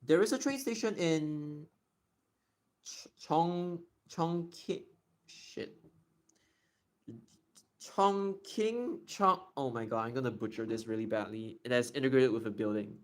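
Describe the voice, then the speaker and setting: Answering viewers' questions on a live stream, this young man speaks with a higher voice and lively intonation. His manner is chatty and explanatory, and he drags words out slowly to show how they sound.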